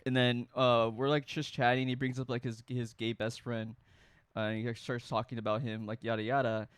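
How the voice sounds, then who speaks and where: A man's voice: mid-range voice, fairly quick, clear, resonant tone, dry recording. A young man hosting a casual chat, telling a story and acting out what others said. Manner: storytelling, animated quoting of others. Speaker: host.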